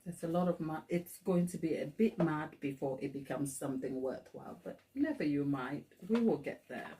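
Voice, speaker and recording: Chatty woman, lowish voice, laughs often. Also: moderate pace, dark tone. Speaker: cake decorating tutor. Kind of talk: live tutorial chat.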